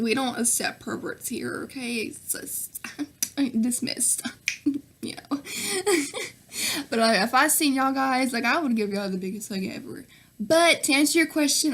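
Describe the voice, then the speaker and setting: A young Southern woman talks straight to her viewers in a loose, chatty way, her voice sitting a little high. She fills her sentences with "like" and calls her viewers "girl" and "sis", and she laughs often between answers. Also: fairly bright tone. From Nashville, Tennessee. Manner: chatty, full of fillers and "girl", "sis", "y'all". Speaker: vlogger. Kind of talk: casual Q&A vlog.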